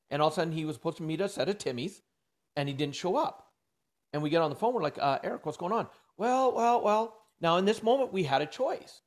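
A podcast guest, a man with a slightly high voice, tells a story with animated energy. He jumps into the voices of the people he quotes and slips back into narration. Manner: animated storyteller, acts out dialogue.

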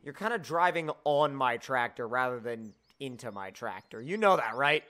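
A man's voice: mid-range voice, expressive, moderate pace, bright, forceful tone. A young man hosting a casual gaming video, teasing his friend and laughing while they play together. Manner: teasing, exasperated, laughs a lot. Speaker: gaming channel host. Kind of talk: casual gameplay chat.

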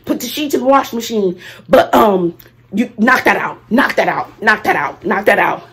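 A middle-aged woman, a teacher talking casually to her viewers. She is playful and swings from loud to hushed while she talks to herself. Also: a little high, expressive, normal speed, slightly rough. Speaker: vlogger, teacher. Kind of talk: casual vlog talk to viewers.

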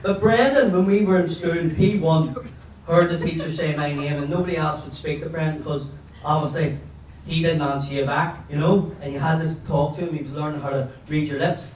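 A man's voice: fairly high pitch, fairly even intonation, a little fast, echoey room, recorded from a distance, a little hiss or hum, rough recording. Belfast man telling crude stand-up stories. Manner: crude, rambling storytelling with loud shouted bursts. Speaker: stand-up comedian. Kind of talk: stand-up comedy set. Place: pub comedy room with a laughing audience.

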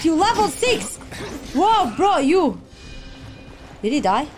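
A woman streamer giving excitable live reaction commentary on a video game, shrieking, gasping and talking to the characters on screen. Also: sits high, slow, soft background music. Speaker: gaming streamer.

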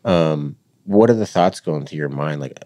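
A man hosting a podcast, asking gentle, halting questions in a casual interview. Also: rumbling low, no echo. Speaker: podcast host.

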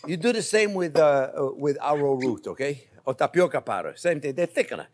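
An older man with a French accent, a chef chatting warmly through a cooking demonstration and calling viewers his friends. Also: fairly high pitch, expressive, a little fast, background noise. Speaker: chef host.

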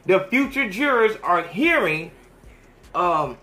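A man's voice: high-pitched, animated, unhurried, pauses often, a bit bright. A man hosting a podcast, giving heated, profane commentary in a preachy, fiery manner. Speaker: podcast host.

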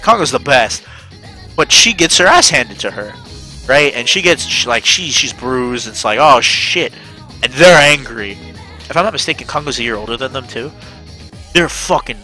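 Chatting away while he games on stream, this man is casual and excited, drops frequent swear words, and breaks into high-pitched yells when performing his reactions.

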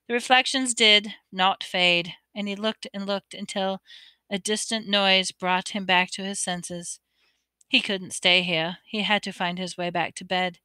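Bright, crisp woman reading aloud. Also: mid-range voice, measured pace, no echo. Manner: expressive reading with occasional stumbles. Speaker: audiobook reader. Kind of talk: amateur audiobook narration.

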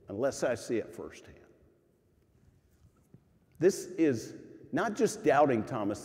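A male pastor preaching a sermon at a slow, measured pace, his mellow voice rising with emphasis and falling to near hush. The sound rings with the long reverb of a church sanctuary. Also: mid-range voice. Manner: earnest, emphatic preaching with dramatic rises and soft drops.

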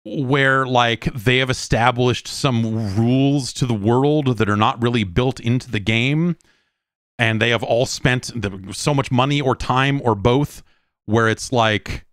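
Guy in his 40s ranting on his podcast, swears a lot, mid pitch, dry close mic. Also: no room sound. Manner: profane, exasperated, mocks in quoted voices. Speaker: podcast host. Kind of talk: casual podcast rant.

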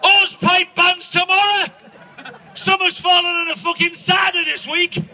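Male comic, outdoor crowd set; sharp, piercing, loud ranting delivery. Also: extremely high pitch, flat delivery, normal speed, slight background noise, low-quality recording. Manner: loud, ranting, profane, shouting punchlines. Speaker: stand-up comedian. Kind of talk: stand-up rant to an outdoor crowd. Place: outdoors at a protest gathering.

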